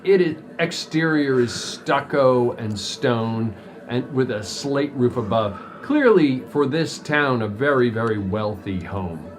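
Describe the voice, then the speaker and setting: A man narrating a tabletop role-playing game as game master, describing scenes calmly with pauses. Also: mid-range voice, a little hiss or hum.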